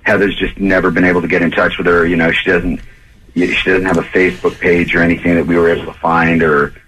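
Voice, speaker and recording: A man on a radio phone call, talking in a halting, stammering, apologetic way. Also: sits low, little pitch movement, fairly bright tone, husky. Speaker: caller.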